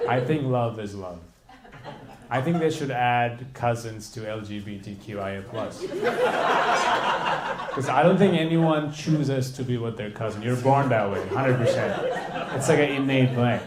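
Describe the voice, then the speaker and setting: Teasing stand-up comedian, echoey club. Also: male voice, mid-range voice. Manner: teasing, quick crowd banter with laughs. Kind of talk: stand-up crowd work. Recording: echoey club with loud audience noise. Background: audience laughter.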